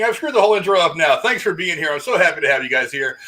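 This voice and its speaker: A man hosting a casual live-stream chat, energetic and rambling, laughing at his own slip-ups. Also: on the high side, racing, rough recording. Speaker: podcast host.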